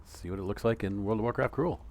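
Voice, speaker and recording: Streamer, male: very low voice, wry and jokey running commentary, slight hiss on the line. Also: fairly even intonation, fast talker. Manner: joking, sarcastic, slips into voices. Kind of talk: casual gameplay commentary with read-aloud quests.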